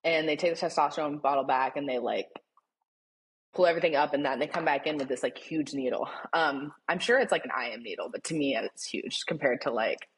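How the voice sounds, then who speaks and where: A young man, a podcast guest, telling a story in casual chat, animated and laughing often, with lots of "like". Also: fairly high pitch, a little fast. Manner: animated, laughing, heavy use of "like".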